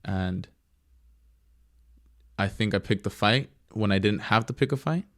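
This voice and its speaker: A young man, a professional goalkeeper, telling stories in a casual interview, reflective and lively when he acts out what others said. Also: on the low side, a little slow, no echo, clean studio sound.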